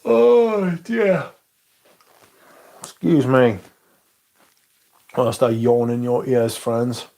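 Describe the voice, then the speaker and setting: A man hosts a casual livestream, reading viewer comments aloud in an unhurried drawl. His voice has a gravelly, creaky edge. He rambles along at an easy pace and swears offhandedly. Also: medium pitch, little pitch movement, darkish tone. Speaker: livestream host.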